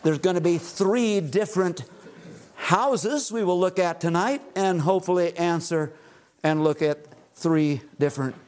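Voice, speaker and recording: A middle-aged man preaching a sermon at a family retreat, rising to loud exhortation and dropping to hushed, low phrases. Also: measured pace.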